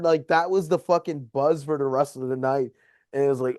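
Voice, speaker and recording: A man's voice: a little high, brisk, a little mellow, dry recording. A man who is a podcast guest, talking casually and loosely with plenty of swearing. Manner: profane, rambling. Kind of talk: casual chat.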